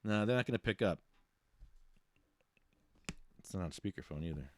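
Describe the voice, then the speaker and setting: Male podcast host, casual ranting monologue, lively pitch, stumbles and restarts. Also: moderate pace, slight background noise. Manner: rambling, blunt, with many restarts and fillers.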